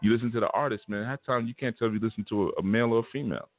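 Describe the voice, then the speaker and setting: A man with a very deep, low voice gives a casual spiritual lecture. He talks bluntly and punchily, and the sound comes through thin and phone-like over faint background music. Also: rapid-fire, no echo. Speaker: spiritual teacher.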